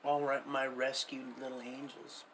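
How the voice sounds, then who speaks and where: A middle-aged man with a gravelly, rough-edged voice rambles through a life story and slides into folksy preaching. His tone is sharp and forward, and he calls his listeners beloved as he talks to them. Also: medium pitch, little pitch movement, measured pace. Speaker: livestream host.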